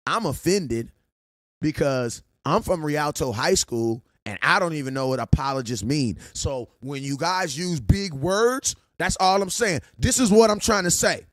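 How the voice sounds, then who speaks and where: A young man talking fast and loose on a sports stream, his voice riding high and swinging widely. He jokes and laughs through the rant, and the sound is close and dry. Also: no echo. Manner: animated, laughing, joking. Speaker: sports vlogger. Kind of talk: casual livestream rant.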